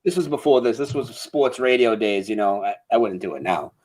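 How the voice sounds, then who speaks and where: A man with a Boston accent, a guest and radio host, chatting casually on a podcast, loud and excitable and swearing freely. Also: on the low side, brisk, rough recording.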